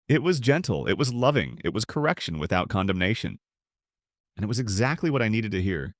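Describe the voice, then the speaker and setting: A middle-aged pastor narrates his own book as a scripted audiobook. His voice sits on the low side, and the delivery is measured and reflective. The recording is dry, with no room sound. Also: big pitch swings, dry recording.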